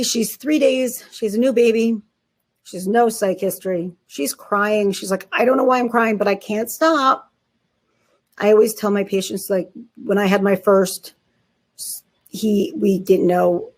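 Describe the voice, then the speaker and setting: Emphatic woman doctor as interview guest, mid-pitched, brisk and conversational. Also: darkish tone, husky. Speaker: psychiatrist. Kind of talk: interview guest explaining cases.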